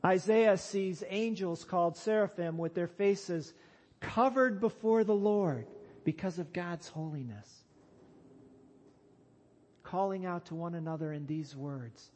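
A man preaching a sermon to his church, slow and emphatic, rising to loud calls on key lines. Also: high voice. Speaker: pastor.

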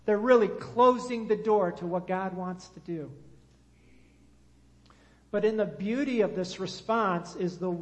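Slow, high-voiced preacher in a reverberant hall. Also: male voice. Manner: engaging the congregation, leading call-and-response. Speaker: pastor. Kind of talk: sermon.

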